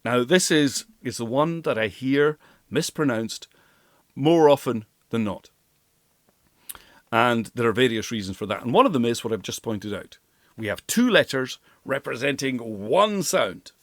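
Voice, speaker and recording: A Scottish man whose first language is Gaelic, teaching pronunciation deliberately and sounding words out as a language coach. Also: mid-range voice, animated, no echo, studio quality. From Scotland. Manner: deliberate and explanatory, models sounds aloud. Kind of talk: spoken language lesson.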